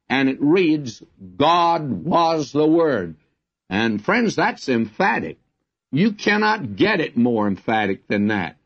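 A man teaching from the Bible in an earnest, emphatic way, like a radio Bible broadcast. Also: a little high. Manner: earnest, emphatic, slow and deliberate. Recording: dull lo-fi recording.

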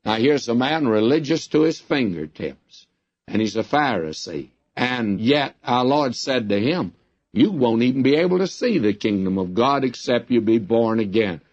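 A man's voice: mid-range voice, animated, moderate pace, a little mellow, dry recording. Man preaching in a dull lo-fi recording. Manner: storytelling, acting out quoted lines. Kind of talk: sermon.

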